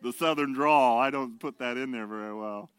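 A pastor preaching a sermon, earnest and direct, shifting from quiet, low asides to loud, emphatic declarations and rhetorical questions. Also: male voice, normal speed, smooth, no room sound. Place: church.

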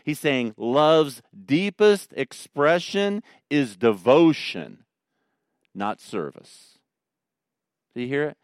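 A middle-aged man preaching a sermon, swinging between loud emphatic lines and quiet tender ones. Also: fairly high pitch, very animated, takes it slowly, clean tone, no echo, studio quality. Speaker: pastor.

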